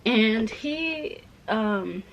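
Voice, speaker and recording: A young woman rambling through a casual rant at home while packing, full of "like" fillers, dipping into soft asides. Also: a little high, expressive, extremely slow, vocal fry, highs cut off, a little hiss or hum. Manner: rambling, heavy use of "like" fillers; drops to soft asides about clothes. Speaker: vlogger.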